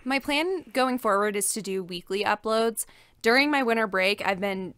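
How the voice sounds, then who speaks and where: A woman chatting as a podcast guest, her voice bright and energetic. She laughs easily between points. The recording is dry and close. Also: medium pitch, moderate pace, clear, resonant tone, no room sound. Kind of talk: casual chat.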